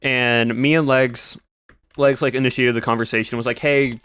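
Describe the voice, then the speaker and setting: A man streams to his viewers, rambling casually, laughing often, and filling his talk with "like" and restarts. His mid-range voice barely moves in pitch, and he speaks at a moderate pace with a slightly bright, smooth tone.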